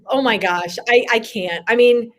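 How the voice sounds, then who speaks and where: A woman's voice: a little high, a little slow, fairly bright tone. A woman co-hosting a casual live-stream chat, making wry, bemused comments.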